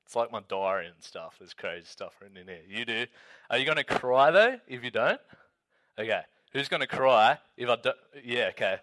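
A man's voice: medium pitch, lively intonation, moderate pace, a bit bright. A young man, a youth leader telling a story and reading scripture in a chatty, casual way full of "like" and "um".

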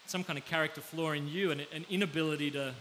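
A man with an Australian accent preaching a conversational sermon, often pausing to check in with his listeners. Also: a little high, steady tone, fairly bright tone. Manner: conversational, pauses to ask the audience. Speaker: pastor. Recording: faint background hiss.

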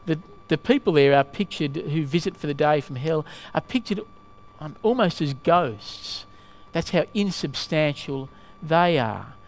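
A male preacher giving a sermon in a halting way, often asking the listeners questions. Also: a little high, lively intonation, a little hiss or hum.

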